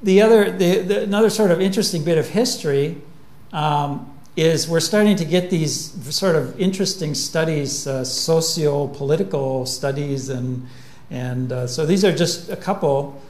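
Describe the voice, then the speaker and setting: A man giving a public lecture in a relaxed, humorous way, with plenty of fillers. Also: on the high side, normal speed. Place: lecture hall. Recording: echoey lecture room.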